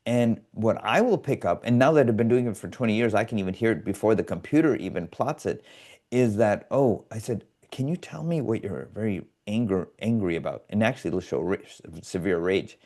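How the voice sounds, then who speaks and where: A man talks through ideas as a podcast guest, earnest and full of analogies. His voice is mellow and warm. He slips into other people's voices when he quotes them. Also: fairly low pitch, animated, brisk. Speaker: guest, biofeedback specialist. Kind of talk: explanatory podcast interview.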